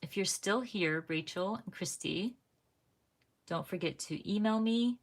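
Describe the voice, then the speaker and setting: A woman hosting a casual live craft stream from home, chatty and laughing often, her voice jumping up when she gets excited. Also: medium pitch, a little slow. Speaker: craft channel host.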